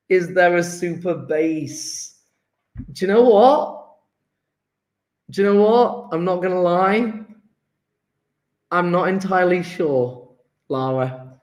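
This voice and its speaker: A man's voice: sits high, very animated, slow, a bit bright. A man teaching a live online chemistry lesson, rambling and joking with self-deprecating asides as he answers students' chat. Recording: echoey room.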